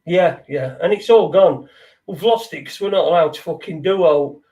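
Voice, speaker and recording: Rambling man, high voice. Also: moderate pace, a little mellow, poor audio. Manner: rambling, sweary, loses his words. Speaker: podcast host. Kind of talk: casual late-night chat.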